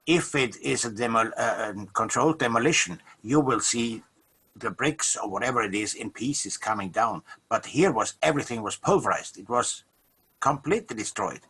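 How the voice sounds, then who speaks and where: Man, co-host, husky, bright tone, explanatory, casual talk. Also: medium pitch, lively intonation, moderate pace. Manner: explanatory, lecturing. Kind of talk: casual conversational chat.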